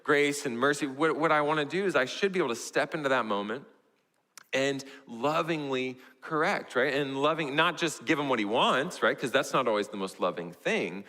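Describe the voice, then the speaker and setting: Young male Texan pastor, bright forceful voice, animated storytelling sermon in a big echoing church. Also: normal speed. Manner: storytelling, animated, voices his toddler in a high squeal. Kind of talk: sermon illustration. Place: church sanctuary. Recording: church hall reverb.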